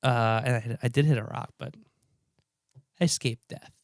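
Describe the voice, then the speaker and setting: A man's voice: mid-range voice, fairly even intonation, normal speed, vocal fry, no echo, studio quality. A man co-hosting a podcast in casual chat, joking and loose, swearing now and then. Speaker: podcast co-host.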